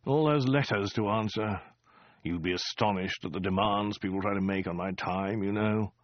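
A man's voice: lowish voice, moderate pace, no echo, muffled recording, lightly acted. A man voicing a self-important, weary male warlord who complains moodily about his busy schedule. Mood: grumbling. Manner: moody, slouching complaint.

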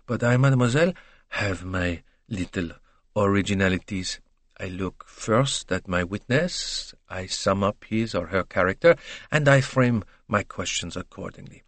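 A shrewd older detective who questions slowly and deliberately, leaning on each word, as a male reader voices him. The voice sits low, in a dry, close recording. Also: expressive, no room sound. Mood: explaining.

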